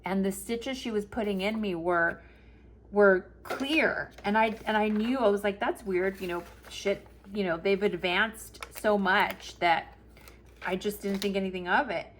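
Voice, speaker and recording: A woman's voice: mid-range voice, measured pace, a little hiss or hum. A woman in her forties telling a long story in a chatty vlog, acting out the dialogue as she quotes it. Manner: animated, retells with quoted dialogue. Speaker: planner vlogger.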